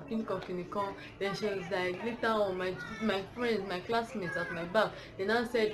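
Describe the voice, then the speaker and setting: A woman's voice: medium pitch, moderate pace. A woman with a Nigerian accent telling a personal story in a vlog, rambling and correcting herself as she goes. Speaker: vlogger. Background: music.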